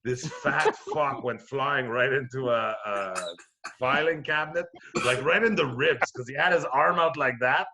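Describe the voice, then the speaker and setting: A middle-aged man from Quebec telling a profane, animated anecdote on a podcast, acting out the other people's voices. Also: medium pitch, a little slow, vocal fry, background noise. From Quebec, Canada. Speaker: podcast guest comedian. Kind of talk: storytelling anecdote.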